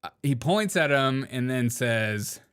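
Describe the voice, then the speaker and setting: A man's voice: medium pitch, lively intonation, unhurried, noisy background. Joking male commentary host. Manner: joking, laughs often, mock-quotes people. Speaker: show host. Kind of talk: casual political commentary.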